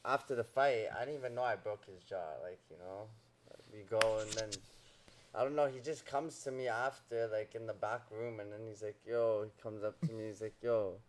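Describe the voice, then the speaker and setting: A man's voice: on the low side, a little fast. A young man, a boxer, telling a story casually and animatedly, laughing and acting out what others said. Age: young adult. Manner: animated, laughs, acts out quotes. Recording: crowd noise behind.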